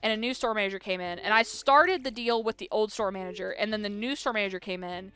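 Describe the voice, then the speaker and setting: Bright, clear-voiced woman streamer telling stories. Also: medium pitch, quick pace. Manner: rambling storytelling full of "like", swears freely. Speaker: game streamer. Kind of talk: casual chat while playing a game.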